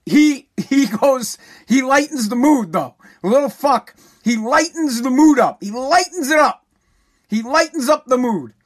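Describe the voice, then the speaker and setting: A man's voice: very high voice, animated, moderate pace. A man in his forties, a talk host telling a rambling, profane, repetitive story in a casual monologue. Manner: rambling, profane, repeats himself, emphatic.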